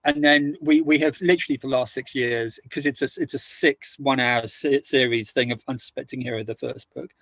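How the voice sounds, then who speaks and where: A middle-aged man from the United Kingdom, a podcast guest telling anecdotes in a halting way, often repeating and restarting words. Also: medium pitch, fairly even intonation, a bit bright, dry recording, muffled recording. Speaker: guest, author and former army officer. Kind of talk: casual conversational storytelling.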